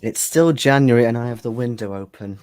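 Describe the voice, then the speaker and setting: A man's voice: medium pitch, fairly quick, darkish tone, smooth. Teasing man running a game. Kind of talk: casual chat.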